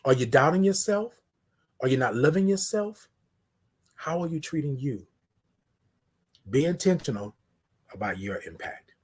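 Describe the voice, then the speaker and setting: A man hosting a live-streamed morning show, talking in a preachy, affirming way, repeating his lines and swinging from loud to hushed. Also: fairly high pitch, expressive, a little slow, long pauses. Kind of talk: motivational live-stream talk.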